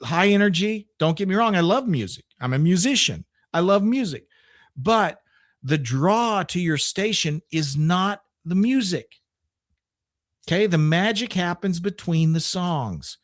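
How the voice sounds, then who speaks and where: A man giving casual, emphatic advice to beginning radio hosts, thinking aloud and adding quick asides. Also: sits high, lively intonation, no echo, studio quality. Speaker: radio coach and station owner. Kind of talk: casual instructional talk.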